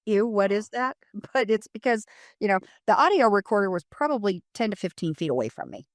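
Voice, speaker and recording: A middle-aged woman from Colorado tells a story in a casual interview, full of fillers like "you know". She is animated and acts out what people said. Her voice sits at a middle pitch, and the recording is close and dry. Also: brisk, no echo. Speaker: paranormal investigator guest.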